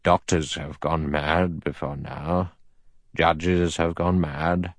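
A man voicing an elderly judge with a thin, sour, acid voice who speaks slowly and precisely. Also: very deep voice, little pitch movement, no room sound, exaggerated voice. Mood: measured. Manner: slow, measured, dry.

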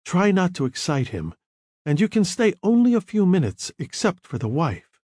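A man voicing a woman nurse giving hushed instructions. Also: sits high, sing-song, normal speed, dry recording, studio quality, voice pushed up.

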